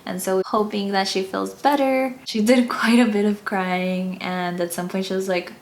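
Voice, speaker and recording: A woman's voice: mid-range voice, steady tone, normal speed. A young woman from Texas, recapping an experience in a chatty, gushing way, giggling often and acting out what others said. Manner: gushing, giggly, quotes people in little voices. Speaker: vlogger.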